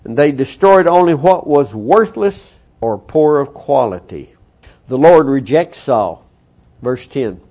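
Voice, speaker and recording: A man's voice: medium pitch, lively intonation, slow, mellow. A man preaching a sermon, reading scripture with folksy asides to the congregation. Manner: folksy asides, acts out the quoted lines. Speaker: pastor. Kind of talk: sermon, Bible reading with commentary.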